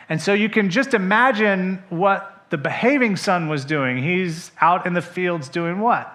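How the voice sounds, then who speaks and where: A male pastor preaching a sermon, telling the story with animation and asking the congregation direct questions. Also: high voice. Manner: animated storytelling, acting out the characters' quoted lines.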